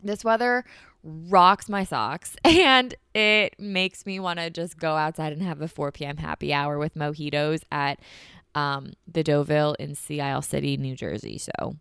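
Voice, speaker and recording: A young woman chats on her own podcast in a bubbly, gushing way, full of "like". Her voice sits a bit low, smooth and clean, a touch congested from allergies. The close mic sounds dry, with no room around it. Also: fairly even intonation, measured pace, a bit bright, no room sound. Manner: bubbly, gushing, heavy use of "like". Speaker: podcast host. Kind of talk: casual solo podcast chat.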